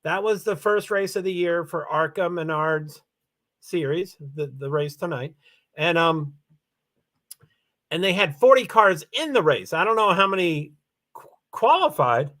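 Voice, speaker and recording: A man's voice: sits high, animated, unhurried, long pauses, pushed and bright. A tired man hosting a casual livestream, rambling with many fillers as he reads out names and chats to viewers. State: tired, yawning. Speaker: livestream host.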